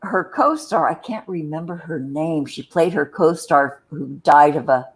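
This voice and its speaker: Female podcast co-host, lowish voice, wry and chatty, loose anecdotes. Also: expressive, measured pace, slightly rough. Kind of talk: casual podcast chat.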